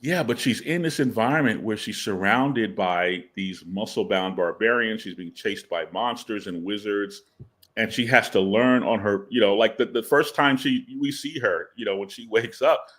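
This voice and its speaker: A man's voice: lowish voice, moderate pace, a bit bright. A man, a guest writer on a podcast, telling a story with lots of fillers and acted-out scenes. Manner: rambling, many fillers, acts out scenes. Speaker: guest comic book writer. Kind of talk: animated storytelling in a podcast interview.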